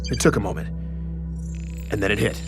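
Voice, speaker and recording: A man's voice: fairly low pitch, fairly quick, music in the background, natural voice. An actor playing an anxious male journalist in an audio drama, narrating in first person and stammering when nervous.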